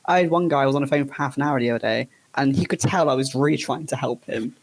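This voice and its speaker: A man co-hosting a podcast, telling stories in an animated, gushing way. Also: medium pitch, quick pace, poor audio. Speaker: podcast co-host. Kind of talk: casual chat.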